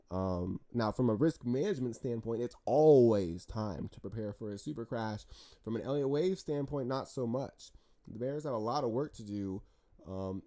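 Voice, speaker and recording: Guy with a mellow voice rambling through stock charts, lively, keeps restarting and cracking jokes. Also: medium pitch. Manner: animated and talkative, with frequent restarts and jokes. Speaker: stock market chart analyst. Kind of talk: casual market commentary over charts.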